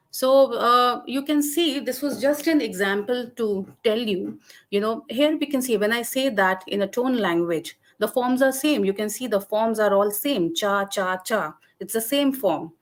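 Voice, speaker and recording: A woman giving an academic webinar lecture over a video call. She talks haltingly, with many fillers and restarts. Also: a little high. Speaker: guest lecturer.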